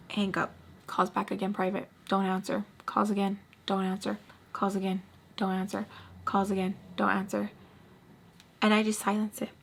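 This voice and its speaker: A woman recounts a personal story straight to the camera in a loose, candid storytelling style. She is dramatic and blunt, swears freely, and sometimes drops into a hushed, breathy near-whisper. Her voice sits at an ordinary middle pitch. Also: completely flat delivery, moderate pace, a little hiss or hum. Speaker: storytime vlogger. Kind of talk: casual storytelling.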